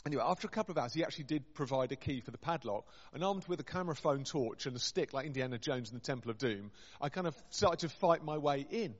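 A man's voice: mid-range voice, expressive, fast talker, hardly any pauses. A man, a vicar, preaching a chatty, humorous story-based sermon with self-deprecating asides. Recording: dull sound with long hall reverb. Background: long reverb.

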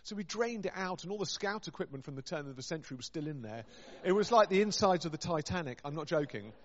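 A vicar preaches a chatty, humorous, story-based sermon with self-deprecating asides, his voice on the high side, expressive and quick. The recording sounds dull, with long hall reverb.

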